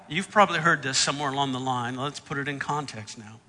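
A man preaching a sermon, reading scripture and acting out the characters' lines with big jumps in pitch and loudness. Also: brisk, long reverb tail. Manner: acts out the Bible characters' lines with big swings in pitch and volume. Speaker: pastor.

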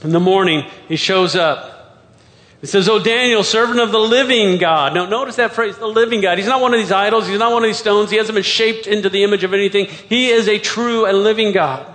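A pastor preaching a sermon and walking through scripture verse by verse, with pointed rhetorical questions. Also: male voice, high-pitched, a little fast, a bit bright. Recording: long hall reverb.

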